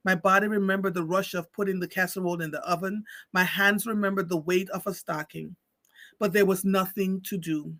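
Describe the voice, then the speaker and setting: A man hosting a livestream, reading a story aloud slowly and with feeling, then chatting with viewers. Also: high-pitched, a bit bright, no echo. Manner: slow, heartfelt reading with dramatic pauses. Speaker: livestream host.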